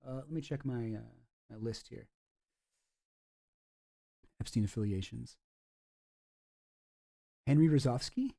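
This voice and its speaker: A man's voice: medium pitch, slow, gravelly, pauses often, mellow. A man giving casual, sarcastic commentary on photos, rambling and swearing freely. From Canada. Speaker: online commentator.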